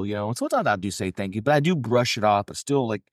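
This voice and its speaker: A man co-hosting a casual podcast, talking in a loose, rambling and cheerful way, full of fillers. His voice sits at an ordinary pitch. The sound is dry, with no room around it. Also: animated, fast, dry recording. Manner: rambling, upbeat, lots of fillers. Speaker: podcast co-host. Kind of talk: casual chat.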